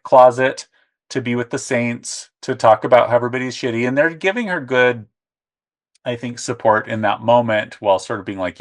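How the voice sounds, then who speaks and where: A man co-hosting a relaxed podcast conversation, with a voice of middle pitch. He is animated and slips into exaggerated voices for the people he quotes. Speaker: podcast co-host. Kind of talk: casual chat.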